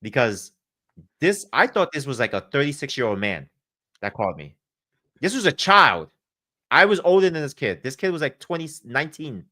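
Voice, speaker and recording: A podcast guest tells a long, rambling story on a casual show, swearing freely and packing in fillers. His medium-pitched voice is sing-song and bright, with a forceful tone, and he talks at a normal speed.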